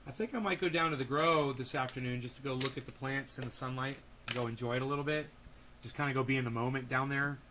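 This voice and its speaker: A man's voice: mid-range voice, steady tone, fast, background noise. A man chatting loosely on his livestream, rambling and playful, swearing often and cooing at his dog. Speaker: vlogger. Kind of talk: casual livestream chat.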